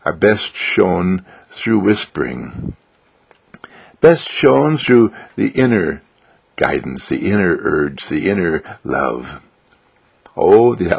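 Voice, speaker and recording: A man giving a daily spiritual message in an unhurried, gentle way, often dropping his voice toward a soft whisper and laughing softly now and then. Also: sits low, creaky, husky. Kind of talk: inspirational spiritual talk.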